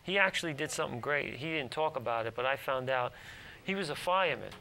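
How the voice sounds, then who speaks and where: Male guest, gravelly, bright tone, chatty storyteller with restarts. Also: mid-range voice, lively intonation, fast talker, poor audio. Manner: rambling, restarts, lots of "like". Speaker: actor, guest. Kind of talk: casual interview storytelling. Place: TV studio.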